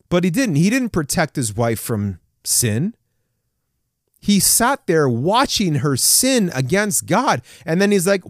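Animated male preacher, lively pitch. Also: measured pace, no room sound, clean studio sound. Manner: animated, acts out scripture figures, chuckles. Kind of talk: casual sermon.

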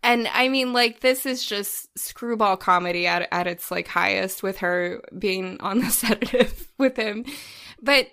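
A woman co-hosting a casual film podcast speaks in a medium-pitched, fairly bright voice at a measured pace. She gushes and laughs as she retells scenes and acts out quoted lines.

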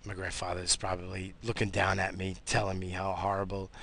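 A man's voice: low-pitched, monotone, fairly quick, vocal fry, fairly bright tone, a little hiss or hum. A middle-aged man rambling and grumbling profanely in a casual radio monologue while driving. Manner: profane, grumbling, easily aggravated. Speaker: radio show host.

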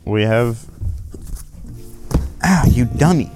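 Young male co-host, jokey storyteller, average pitch, faint music under. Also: animated, slow. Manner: joking, bossy storyteller, acts out phone calls. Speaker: podcast co-host. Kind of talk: casual chat.

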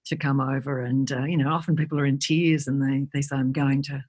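A woman, a guest speaker chatting in an interview and telling lively stories, acting out the voices of people she quotes. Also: very deep voice, brisk, slightly rough. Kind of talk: conversational interview.

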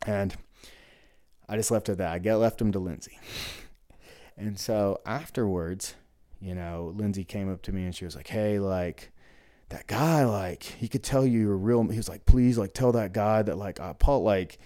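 A man's voice: lowish voice, normal speed, dark tone, no room sound, clean studio sound. A man who runs a gym and coaches, telling a story in a casual rambling monologue, full of "like" and acted-out dialogue. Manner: rambling, frequent "like" fillers, acts out quoted dialogue.

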